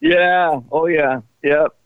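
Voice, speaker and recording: Man, phone interview guest, animated storyteller, slightly high voice, tinny phone sound. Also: extremely slow, clear, resonant tone, dry recording. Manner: animated storyteller, acts out quoted dialogue. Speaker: guest, former tour manager. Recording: tinny phone line, dry.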